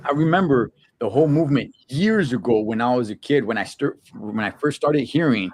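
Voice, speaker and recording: A man hosting a casual talk show, animated and repeating himself when worked up. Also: mid-range voice, a little fast, few pauses. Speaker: podcast host. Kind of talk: casual opinion chat.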